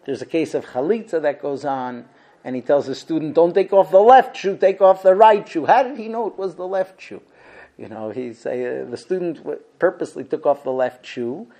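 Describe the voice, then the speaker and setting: Male religious teacher, storyteller who acts out every character, lively and expressive. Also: mid-range voice. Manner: acts out characters with big swings from shouts to hushed whispers. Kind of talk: animated storytelling lesson.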